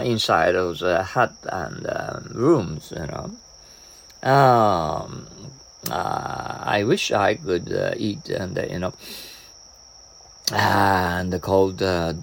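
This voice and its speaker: Slow, hesitant man with gravelly voice. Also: deep voice, a bit bright, slight background noise, rough recording. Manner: hesitant, frequent "uh" fillers and restarts. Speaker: English teacher. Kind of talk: reading example dialogues for an English lesson.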